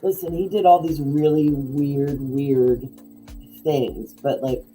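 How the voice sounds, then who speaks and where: Middle-aged woman rambling through a casual podcast chat, super mellow voice, faint guitar behind. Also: very deep voice, steady tone, slow, low-quality recording. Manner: rambling, full of likes and restarts. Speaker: podcast co-host.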